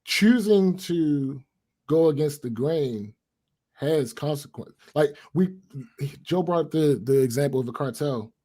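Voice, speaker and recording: A man co-hosting a podcast in casual chat, thinking out loud with restarts as he lays out his reasoning. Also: on the high side, animated, slow pace. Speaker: podcast co-host.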